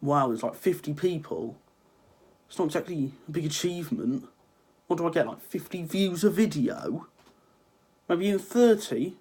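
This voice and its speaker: A man's voice: on the high side, lively intonation, normal speed, a little mellow, husky. A teenage lad with a cold, sniffling through a rambling, sarcastic rant to his viewers. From Ireland. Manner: sarcastic, rambling, swears freely. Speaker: vlogger. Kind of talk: casual ranting vlog.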